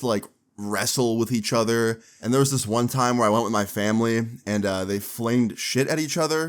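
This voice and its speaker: A man in his twenties recounts a story in a casual storytime vlog. He is animated and slangy and swears freely, and his voice sits in a mid range. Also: mid-range voice.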